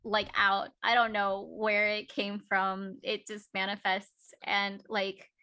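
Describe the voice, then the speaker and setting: A woman chatting at home on a video call as an interview guest, telling lively stories and acting out what people said. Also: medium pitch, slow pace, clear, resonant tone. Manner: animated storyteller, acts out quotes. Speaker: guest cosplayer. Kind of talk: casual interview chat.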